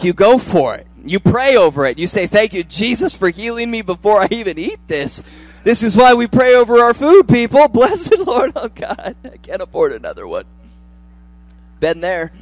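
A young man preaching a sermon in a church, chatty and joking, then rising to loud fervor. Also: fairly high pitch. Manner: humorous, conversational preaching that builds to loud fervor. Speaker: pastor.

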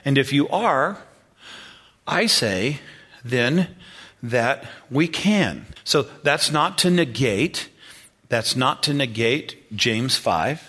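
Bright-voiced male pastor preaching. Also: medium pitch. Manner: conversational preaching, many repeats and "okay?" checks. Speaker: senior pastor. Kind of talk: sermon.

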